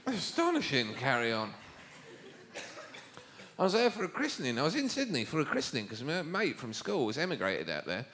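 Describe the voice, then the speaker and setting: A man's voice: medium pitch, background noise. A man from England, telling stories in a wry stand-up routine. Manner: wry, storytelling. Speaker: stand-up comedian.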